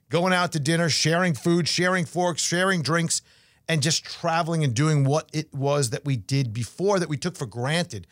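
A man's voice: fairly high pitch, no room sound, studio quality. A man giving casual market commentary, conversational and chatty, with fillers, restarts and storytelling asides.

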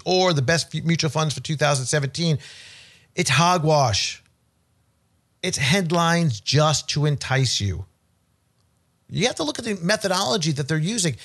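Blunt, rambling man with a higher voice. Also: a bit bright. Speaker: financial commentator. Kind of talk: casual talk.

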